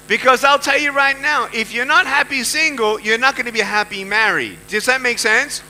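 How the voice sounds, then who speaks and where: A man's voice: extremely high pitch, moderate pace, bright, forceful tone, low-quality recording. A man with an Australian accent giving an emphatic motivational speech to a live audience, repeating lines for effect. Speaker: motivational speaker.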